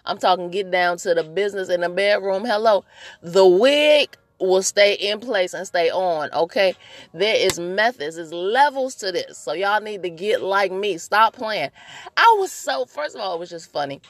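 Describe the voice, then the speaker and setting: A woman's voice: mid-range voice, lively intonation, moderate pace, no echo. A woman hosting her own podcast in a playful, chatty way, talking straight to her listeners and laughing often. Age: adult, married. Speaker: podcast host. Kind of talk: casual solo podcast chat.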